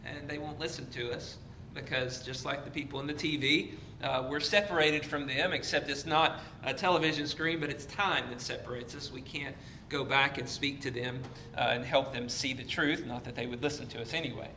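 A man's voice: mid-range voice, fairly even intonation, moderate pace, pushed and bright. A man teaching an evening Bible study in a conversational way, with many fillers and restarts. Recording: echoey room with faint noise.

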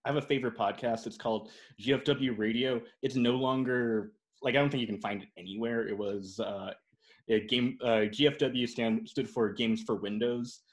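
A man hosting a teachers' podcast, chatting casually, halting and restarting his sentences. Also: medium pitch, fairly even intonation. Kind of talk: casual chat.

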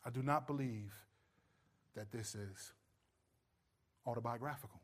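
A man preaching a sermon, stressing points loudly and then dropping to low, quiet asides. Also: unhurried. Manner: emphatic, swings between loud stresses and low quiet asides. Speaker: pastor.

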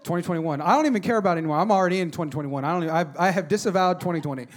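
High-voiced preacher man, soft to loud. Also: racing. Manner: storytelling, swings from soft and hushed to loud and exhorting. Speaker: pastor. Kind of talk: sermon.

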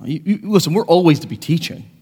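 A man preaching a sermon as pastor, earnest, moving between quiet reflection and raised, impassioned passages. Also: on the high side, fast, big-room sound. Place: church sanctuary.

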